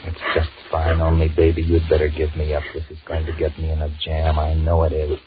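A man's voice: very deep voice, monotone, a little fast, background noise. An actor playing a flustered young man caught between two women, in an anxious, self-mocking inner monologue in 1940s radio acting style. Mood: coaxing. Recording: dull lo-fi old radio recording with music.

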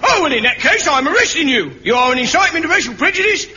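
Bright officious policeman. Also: extremely high pitch, big pitch swings, quick pace, dull audio, a little hiss or hum, full character voice.

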